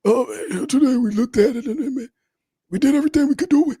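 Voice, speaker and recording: A man's voice: very high voice, quick pace, mellow, husky, no room sound, studio quality, voice pushed up. A man doing a mocking impression of an exasperated football head coach who rambles through a press talk full of fillers. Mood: defensive.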